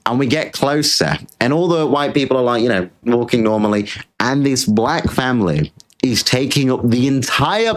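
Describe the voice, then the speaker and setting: A man holds forth on his own show in a loose, ranting monologue. His voice sits at an ordinary middle pitch, and he talks bluntly, swearing often and circling back over the same words as he builds his point. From Britain. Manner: blunt, swears freely, repeats himself while ranting. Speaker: podcast host.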